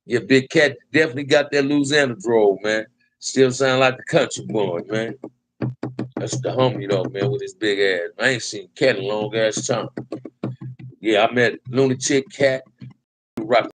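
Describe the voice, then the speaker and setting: A man's voice: fairly low pitch, normal speed, low-quality recording. A man from Compton hosting a casual live stream, reading viewer comments and answering them in laid-back, slang-heavy talk that keeps ending on "man". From Compton, California. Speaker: livestream host.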